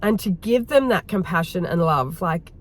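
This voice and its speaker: A woman hosting her own video and leading a heartfelt guided reflection, rambling gently and filling her talk with "like". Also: on the low side, animated, moderate pace. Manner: rambling, heartfelt, full of "like" fillers. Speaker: wellness host.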